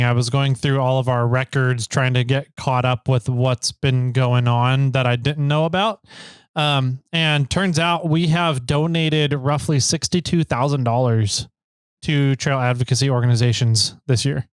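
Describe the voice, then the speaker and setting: A man's voice: mid-range voice, unhurried, smooth, no echo, clean studio sound. A man co-hosting a podcast in casual, upbeat chat, often laughing and giving short agreeing replies. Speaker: podcast co-host.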